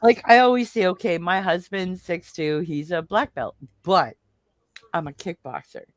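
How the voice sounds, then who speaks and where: A woman's voice: on the low side, normal speed, no echo, studio quality. A woman in her fifties talking in an emphatic, profane way in a casual chat, often laughing. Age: 50s.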